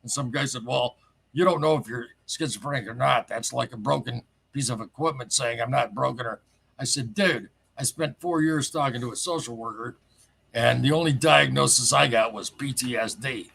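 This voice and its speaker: A man calling in to a show, telling a strange story in a rambling, excitable way and swearing casually. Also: medium pitch, normal speed, gravelly, breathy edge. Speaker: caller sharing a paranormal story.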